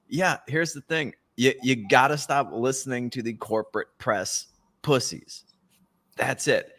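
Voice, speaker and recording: A man's voice: fairly high pitch, pushed and bright. A man hosting a podcast, mocking and swearing, laughing often. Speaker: podcast host. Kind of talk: casual chat.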